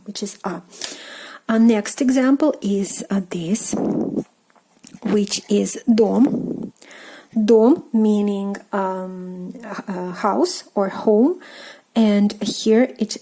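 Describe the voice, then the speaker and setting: A woman with a Russian accent teaching a language lesson, patient and hesitant, with many fillers, saying each word slowly and more than once. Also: mid-range voice, dark tone. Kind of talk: slow, careful language lesson.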